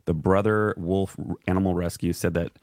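A man's voice: deep voice, steady tone, moderate pace, a little mellow, no room sound, studio quality. A man co-hosting a casual news show, reading stories and joking often. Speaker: co-host.

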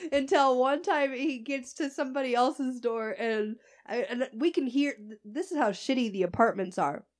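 A woman with a slightly high voice tells a story at an unhurried pace. She swears freely and keeps breaking into laughter, in relaxed, casual chat.

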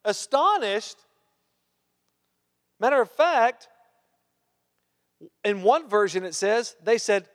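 A man's voice: high-pitched, lively intonation, slow pace, pauses often. A man preaching a sermon, reading scripture aloud and breaking off to question and joke with the congregation. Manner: reads scripture, then asks the crowd questions and jokes. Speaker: pastor. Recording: long hall reverb.

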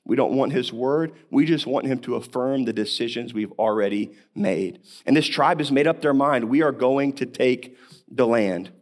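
A man's voice: mid-range voice, normal speed, a little mellow. A man preaching a sermon, talking through a Bible passage in a conversational way with rhetorical questions, coughing now and then. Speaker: pastor.

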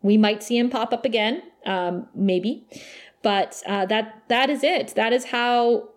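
A woman's voice: a little high, a little slow. A woman co-hosting a casual podcast, recapping a TV episode in an emotional, gushing way and laughing often. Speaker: podcast co-host.

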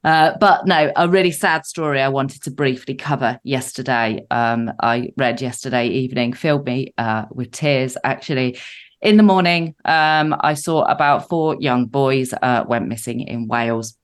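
A woman co-hosting a live radio talk show, her voice deep, husky and bunged up from a cold, chatty with lots of fillers. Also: normal speed. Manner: frequent fillers, chatty and self-mocking.

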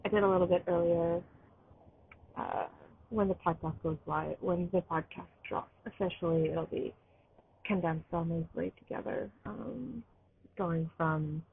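A tired, allergy-stricken woman hosting a poetry podcast live, chatting in a rambling, excited way while sitting outdoors. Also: fairly low pitch, measured pace, vocal fry. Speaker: podcast host reading poetry. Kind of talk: casual live-stream chat. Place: outdoors, train in the distance. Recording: tinny phone-like sound, faint outdoor noise.

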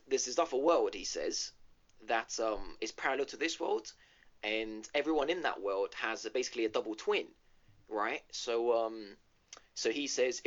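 A man co-hosting a casual gaming podcast, retelling a game's story with lots of ums and restarts. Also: medium pitch. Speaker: podcast co-host. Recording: dull lo-fi audio.

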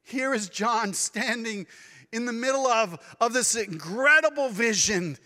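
A man preaching a sermon as pastor, dramatic and expressive, now and then acting out the voices of people he quotes. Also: extremely high pitch, measured pace, big-room sound. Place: church sanctuary.

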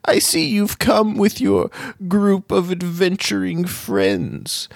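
A man's voice: high voice, wildly swooping pitch, slow pace, creaky, no room sound, pitched above the performer's own voice, exaggerated voice. A man voicing a tiny, cheerful, cryptic old male gnome wizard in a tabletop game, with a quavering, sing-song, teasing manner. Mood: ominous.

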